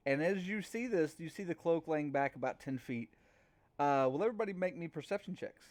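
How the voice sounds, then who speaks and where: A man narrating a tabletop game as game master in a halting way, with many fillers and restarts. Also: a little high, expressive, darkish tone.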